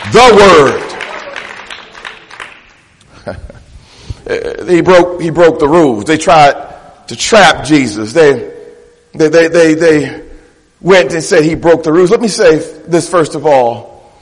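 High-voiced preacher, emphatic and repetitive. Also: male voice, slow, pauses often. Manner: emphatic, repeats phrases for effect. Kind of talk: sermon. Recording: echoey hall reverb.

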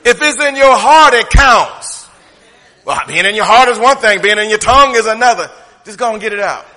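Man, pastor, sermon, bright tense voice, reverberant church hall, loud-to-hushed delivery. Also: sits high, animated, normal speed. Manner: humorous, conversational preaching that swings from loud to hushed. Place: church sanctuary.

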